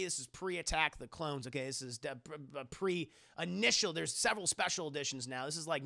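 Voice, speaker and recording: A man's voice: on the high side, creaky, sharp tone, no room sound, clean studio sound. A man hosting a livestream, answering viewer questions in casual, rambling chat, swearing and laughing often. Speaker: livestream host.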